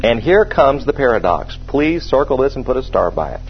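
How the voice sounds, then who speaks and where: A man preaching a sermon in a conversational way, asking the congregation questions and slowing down to stress scripture. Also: medium pitch, very animated, breathy edge, soft background music. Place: church service with a congregation. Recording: dull lo-fi sermon recording.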